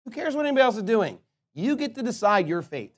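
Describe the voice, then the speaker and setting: A man preaching a sermon as a pastor, emphatic, swinging between loud declarations and quiet asides. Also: high-pitched, big pitch swings, fast talker.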